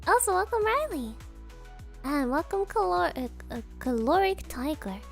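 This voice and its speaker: A woman's voice: very high-pitched, big pitch swings, moderate pace, gravelly, faint music behind. A young woman streamer chatting casually with her viewers, playful and teasing, often putting on mock offense.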